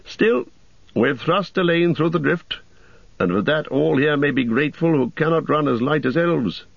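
A man's voice: a little high, animated, normal speed, creaky, dry recording, lo-fi sound, voice pushed up. Boromir, a man playing a proud bold warrior. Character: proud strong male human warrior.

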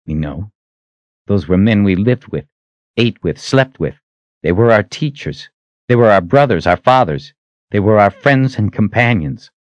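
A man's voice: on the low side, expressive, unhurried, no room sound, lo-fi sound, voice pushed up. A man voicing an earnest young army captain who speaks with raised, intense conviction in an audiobook.

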